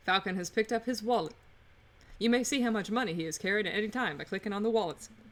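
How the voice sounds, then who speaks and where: A woman's voice: mid-range voice, fast talker. A woman streaming a video game, reading its characters aloud with a playful put-on drawl and frequent giggles. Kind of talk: let's-play game reading with Southern-accented voices.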